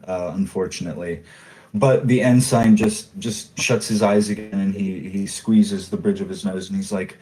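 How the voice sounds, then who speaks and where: Game master, male, low voice, relaxed and halting narration.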